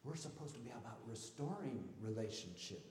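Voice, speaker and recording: Pastor guy giving a sermon, chatty and easygoing, mellow voice, big echoey church hall. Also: medium pitch, animated, a little fast, slight background noise. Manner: conversational preaching with asides and rhetorical questions. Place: church sanctuary. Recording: roomy hall reverb.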